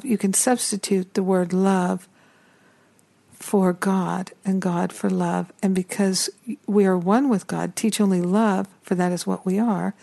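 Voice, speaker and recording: A woman hosting a spiritual talk show, speaking gently and repetitively, with some passages like a prayer. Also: mid-range voice, vocal fry. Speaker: spiritual teacher and podcast host.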